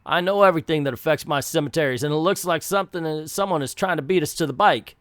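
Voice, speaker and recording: A man voicing a gruff male cemetery caretaker with a Southern accent who barks brisk orders. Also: on the high side, fairly bright tone, no room sound, studio quality, lightly acted. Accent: American Southern.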